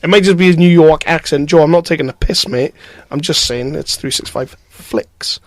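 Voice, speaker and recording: A man's voice: a little high, fairly quick, no room sound. A man hosting a film podcast, reading out listener questions in a jokey, rambling way. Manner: jokey and rambling, laughs often. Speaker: podcast host. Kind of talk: casual chat.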